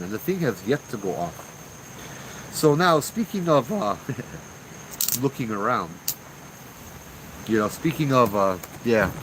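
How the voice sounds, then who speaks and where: A man's voice: medium pitch, noisy background. Laid-back man with a Hawaiian Pidgin accent. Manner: laid-back, laughing, chatty. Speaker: ghost-story channel host. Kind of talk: casual live storytelling.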